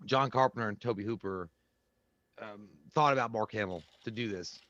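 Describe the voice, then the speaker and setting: A man's voice: on the low side, moderate pace, fairly bright tone, dry recording, dull audio. A man co-hosting a casual movie review show, talking crudely and rambling with lots of fillers and restarts. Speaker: podcast co-host.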